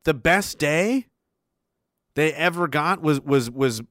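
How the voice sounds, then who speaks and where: A man ranting on a livestream, voice high and swinging wildly up and down. His tone is sharp and biting, and he swears freely and hammers his points home. The sound is close and dry. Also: expressive, slow, no room sound. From Canada. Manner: profane, forceful, repetitive. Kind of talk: heated monologue rant on stream.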